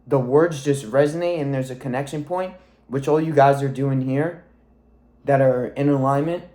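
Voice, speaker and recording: A man's voice: medium pitch, steady tone, normal speed, warm tone. Rambling, cussing young man. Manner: rambling, swears a lot, reflective. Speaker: weight-loss coach vlogger. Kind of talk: casual monologue to camera.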